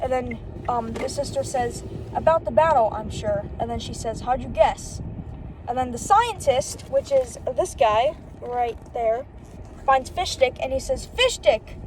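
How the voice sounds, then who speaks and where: A woman reading a comic book aloud in a casual, halting way. She stops on slips and adds short, unsure asides between the lines. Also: a little high, expressive, noisy background. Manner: reads haltingly, repeating "and then she says" and correcting slips.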